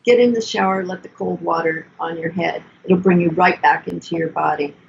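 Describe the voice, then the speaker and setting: An older woman therapist explaining emotional self-care in an earnest, coaching way, with gentle self-soothing asides. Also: on the low side, steady tone, normal speed, vocal fry. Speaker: therapist guest. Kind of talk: explanatory podcast talk. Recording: dull lo-fi sound with faint noise.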